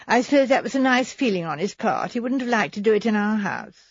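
A woman's voice: mid-range voice, animated, fast, husky, dry recording, muffled recording. A woman narrator voicing a mean, flashy middle-aged woman with a thin, reedy voice, read for an audiobook. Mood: plaintive.

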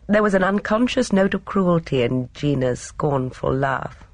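An audiobook reader narrating a novel in an expressive, measured storytelling manner. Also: medium pitch, creaky, no echo.

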